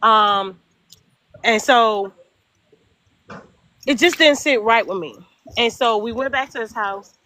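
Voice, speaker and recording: A middle-aged woman telling a personal story in casual chat, animated and emphatic, acting out both sides of the dialogue. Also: fairly high pitch, takes it slowly, pauses often. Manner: emphatic repetition. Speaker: guest storyteller.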